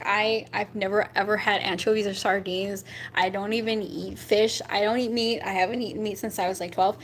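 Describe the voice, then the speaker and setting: A young woman hosting a casual chat, talking with her viewers, rambling with fillers and jumping up in pitch when she reacts. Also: fairly bright tone. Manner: chatty and rambling, with many fillers and laughs. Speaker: livestream host chatting with viewers.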